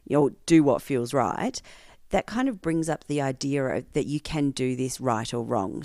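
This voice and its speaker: A woman hosting a podcast, asking thoughtful questions and giving many soft affirmations in a casual interview. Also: rumbling low, no echo, studio quality. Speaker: podcast host.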